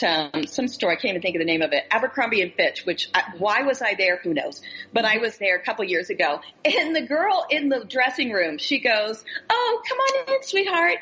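A chatty older woman with a bright, forceful voice co-hosts a casual talk show. She pokes fun at herself as she talks. The recording sounds dull and muffled. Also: a little high. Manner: chatty, self-mocking. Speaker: podcast co-host. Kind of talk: casual chat.

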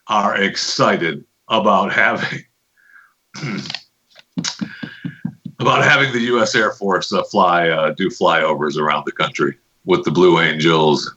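A man's voice: deep voice, unhurried, sharp tone, highs cut off. A man hosting a podcast in casual, jokey, rambling chat, testing his microphone on air. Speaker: podcast host. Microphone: studio podcast microphone with adjustable settings.

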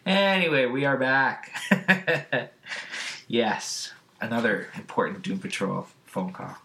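A man casually recapping a comic book on a podcast, often laughing and jumping into high put-on voices for the characters. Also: big pitch swings, slow, creaky, pushed and bright. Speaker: podcast host.

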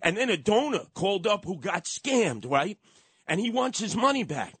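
An older man telling gossipy stories on talk radio, acting out the people he quotes with loud, high exclamations. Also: big pitch swings, moderate pace, breathy edge, no echo.

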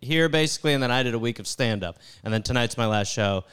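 Deadpan man guesting on a podcast. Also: mid-range voice, quick pace, clean tone. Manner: deadpan jokes. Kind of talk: casual comedy podcast chat.

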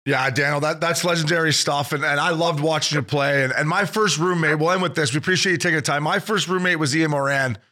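A man's voice: on the high side, fast, few pauses, bright, forceful tone. A man hosting a podcast, enthusiastic, laughing along and asking rambling questions. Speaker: podcast host. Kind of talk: casual podcast chat.

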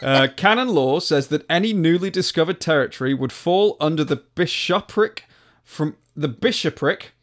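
A man's voice: fairly high pitch, lively intonation, moderate pace, fairly bright tone. A man co-hosting a podcast, reading out trivia in a dry, offhand casual chat.

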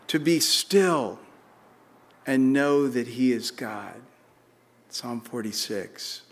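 A man preaching a sermon as a pastor, slowing down and pausing for emphasis and building to emphatic peaks. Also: a little high.

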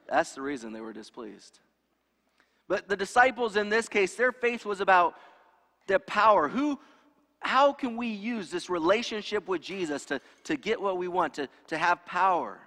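A man's voice: high-pitched, animated, normal speed, fairly bright tone. A man preaching a sermon in a conversational way, asking his congregation rhetorical questions. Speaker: pastor. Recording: long hall reverb.

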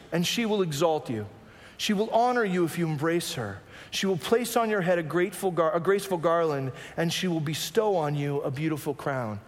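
Male pastor, sermon delivery: high-pitched, animated, playful, with long hall reverb. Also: brisk. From Arizona. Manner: animated, humorous, full of rhetorical questions.

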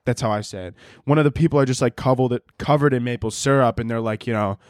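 A man's voice: medium pitch, fast talker, no echo. Sarcastic, rambling young man, close and dry. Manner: rambling, profane, sarcastic, laughs a lot. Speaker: podcast host. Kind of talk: comedic monologue.

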